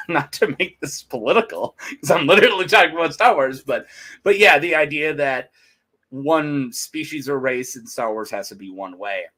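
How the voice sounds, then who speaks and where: Guy cohosting a fan podcast, bright punchy voice, rambles on with strong opinions. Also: fairly high pitch, lively intonation, moderate pace. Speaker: podcast co-host. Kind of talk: casual fan chat.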